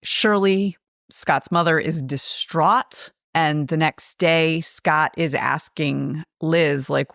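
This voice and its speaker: A woman podcast host casually retelling a film's plot, acting out lines of dialogue in a chatty, animated way. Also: low-pitched, a little slow, creaky, no echo, clean studio sound. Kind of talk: casual film recap.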